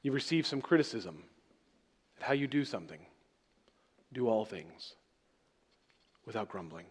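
A man preaching a sermon as pastor, swinging between loud emphatic phrases and soft, trailing words. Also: on the low side, lively intonation, unhurried, breathy edge.

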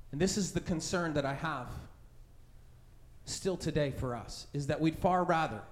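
Man pastor with a high, youthful-sounding voice, preaching casually and acting out his stories with lots of energy. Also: slow, long pauses, slight background noise. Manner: animated storytelling, acting out scared voices; conversational, many fillers like "right?" and "like". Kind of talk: sermon with personal story.

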